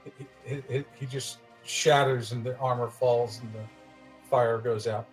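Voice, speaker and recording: A man with a husky voice playing a tabletop game, describing his character's actions loudly and casually. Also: medium pitch, steady tone, measured pace, faint music behind, rough recording. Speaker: player.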